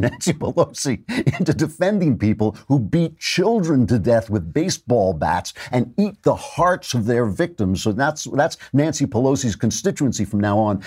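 A man's voice: medium pitch, a little mellow, slightly rough. A man hosting a political talk show, giving sarcastic, mocking commentary.

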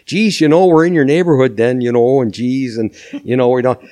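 A man's voice: medium pitch, a little fast, warm tone, pitched above the performer's own voice, lightly acted. A man putting on a thick Minnesota accent to play a chummy, folksy phone salesman full of "geez" and "you know".

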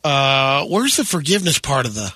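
A man co-hosting a morning radio show, speaking in a measured, thoughtful way. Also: medium pitch, very animated, sharp tone. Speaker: radio co-host. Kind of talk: casual morning radio banter.

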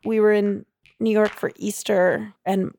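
A young woman, a guest comedian, telling stories in a chatty, animated way with many fillers. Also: medium pitch, a little slow, creaky, slight background noise. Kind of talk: casual interview storytelling.

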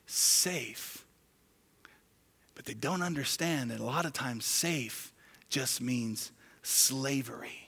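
A male pastor preaching a sermon emphatically, swinging from loud exclamations to hushed whispers. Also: medium pitch, lively intonation, slow pace, vocal fry, slightly rough. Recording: long reverb of a large hall.

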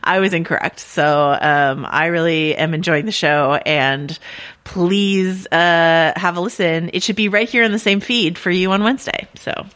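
A woman's voice: on the low side, normal speed, a bit bright. Chatty lady podcast cohost, lots of ums and restarts, laughs a lot. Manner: chatty, laughs easily, many restarts and fillers. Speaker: podcast co-host. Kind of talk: casual TV recap podcast chat.

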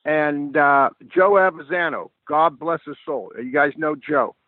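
An older man tells football stories in a lively, stop-and-start way, often doubling his first words. His voice sits fairly high for a man. It comes through a dry, tinny, phone-like line. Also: unhurried, dry recording. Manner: animated storyteller, repeats words when starting a thought. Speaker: guest football coach. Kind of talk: telling stories in a podcast chat.

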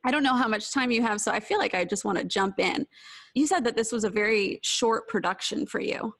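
A woman hosting a podcast interview, asking brisk quiz-style questions and laughing often. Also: on the high side, a bit bright. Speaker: podcast host. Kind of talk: casual interview.

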